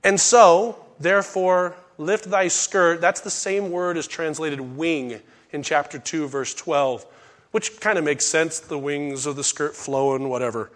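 A middle-aged man preaching a conversational Bible sermon, with folksy asides and sudden loud bursts when he acts out lines. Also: a little high, steady tone, measured pace. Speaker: pastor teaching a Bible study.

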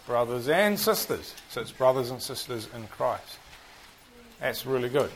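Leading a Bible class in a New Zealand accent, this man has a mid-range voice and an animated but unhurried delivery. He chats, asks the group questions, and pokes fun at himself. It's a low-quality recording with slight background noise.

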